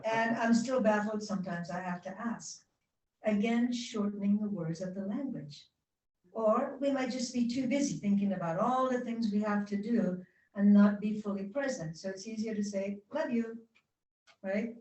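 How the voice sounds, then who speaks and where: A woman giving a spiritual talk to a congregation, guiding them gently and chatting with the audience. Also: medium pitch, moderate pace, far from the mic. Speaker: guest speaker. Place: church hall. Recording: roomy hall sound from off-mic.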